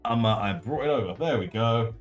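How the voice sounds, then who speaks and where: A man with a baritone voice hosting a casual painting livestream, chatty and jokey, thanking viewers as he works. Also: lively intonation, brisk, soft background music. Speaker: livestream host.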